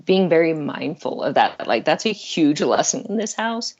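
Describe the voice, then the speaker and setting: A woman's voice: low-pitched, sing-song, normal speed, creaky, darkish tone, muffled recording. A middle-aged woman talking earnestly and candidly as a guest on an interview podcast, laughing now and then. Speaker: life coach guest.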